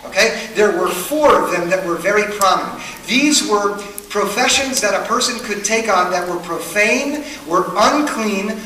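A man's voice: high-pitched, animated, moderate pace, pushed and bright, slight background noise. A man preaching a sermon to a congregation, earnest and questioning, building his points through repetition. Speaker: pastor. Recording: echoey hall, mic at a distance.

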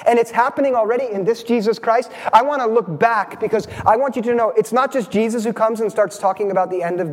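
A high-voiced male pastor keeps his congregation involved during a sermon, checking in with quick questions. The church sanctuary gives his words a long, ringing reverb.

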